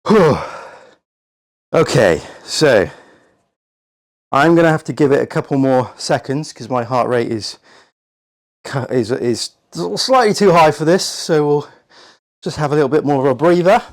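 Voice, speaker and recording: A man's voice: on the high side, animated, measured pace, pauses often. Winded man coaching a home workout. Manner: counting reps aloud, encouraging. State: out of breath. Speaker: fitness coach.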